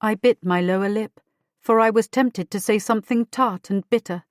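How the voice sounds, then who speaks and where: A woman reads a first-person audiobook in a measured storytelling manner. Her voice is mid-pitched, recorded dry and close. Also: no echo. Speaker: audiobook narrator.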